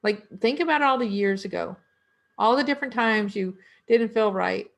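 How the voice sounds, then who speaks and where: Her voice is mid-range and gravelly. A middle-aged woman in energy work reflects in a slow, casual spiritual talk, often posing rhetorical questions to those listening.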